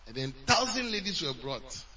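Bright-voiced preacher, lively. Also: male voice, fairly high pitch, moderate pace, husky, recorded from a distance, dull audio. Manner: storytelling, swinging between loud and hushed. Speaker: pastor. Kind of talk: sermon.

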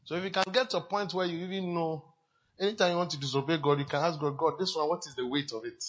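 A man's voice: a little high, fairly even intonation, quick pace, fairly bright tone, muffled recording. A man preaching a sermon as a pastor, speaking emphatically and repeating his exhortations to the congregation.

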